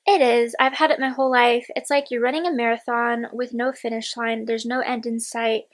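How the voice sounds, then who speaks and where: A woman's voice: a little high, fairly even intonation, moderate pace, low-quality recording. A woman in her twenties talking casually in a personal diary vlog, rambling and candid, sometimes dropping to a whisper. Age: 20s. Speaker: vlogger.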